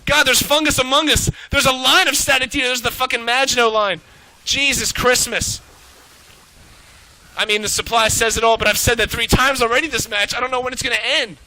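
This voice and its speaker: Brief: male esports caster, high and very bright voice, excitable, profane play-by-play. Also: a little hiss or hum, rough recording. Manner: excitable, swearing, rapid reactions. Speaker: esports shoutcaster. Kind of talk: live play-by-play game commentary.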